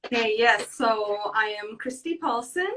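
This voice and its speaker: A woman's voice: fairly high pitch, animated, unhurried, sharp tone, slight background noise. A woman in her twenties from the United States, a podcast guest talking earnestly and rambling a little, with many fillers. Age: 20s. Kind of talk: casual interview talk. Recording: voice from far off the mic.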